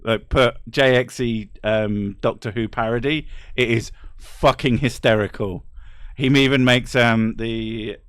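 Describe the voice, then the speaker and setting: A man streaming casually, reading chat aloud and ranting bluntly with plenty of swearing and quick laughs. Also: medium pitch, steady tone, fairly bright tone, smooth, no room sound, clean studio sound.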